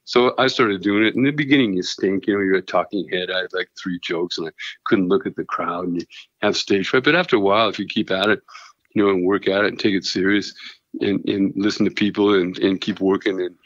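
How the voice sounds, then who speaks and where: Middle-aged guy rambling thru stories, lots of restarts, self-deprecating, lowish voice, dull muffled sound. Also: brisk, a bit bright, dry recording. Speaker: guest comedian and veterinarian. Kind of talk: storytelling in casual chat.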